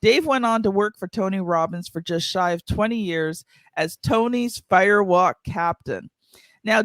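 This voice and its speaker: A woman's voice: fairly low pitch, no echo. A woman hosting a podcast, reading a guest introduction and asking open questions. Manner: reads the guest intro, then asks warm open questions. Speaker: podcast host. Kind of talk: podcast interview.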